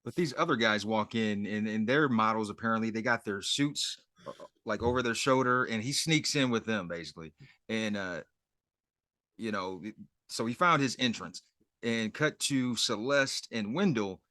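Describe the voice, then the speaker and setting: A man co-hosting a podcast, retelling a TV episode's plot beat by beat in an animated way. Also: fairly low pitch, moderate pace, dry recording, studio quality. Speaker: co-host. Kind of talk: casual podcast chat recapping a TV episode.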